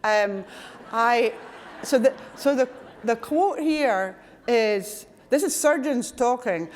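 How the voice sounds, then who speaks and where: A woman's voice: a little high, expressive, slow pace. An older Scottish woman giving a conference lecture, talking in a chatty, digressive way with asides and self-corrections. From Scotland. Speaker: conference speaker.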